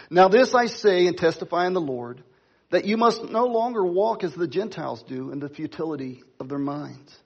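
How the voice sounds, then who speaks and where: A middle-aged man preaching a sermon, stressing key words slowly and talking to the congregation in asides. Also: on the high side, husky, lo-fi sound. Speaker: pastor.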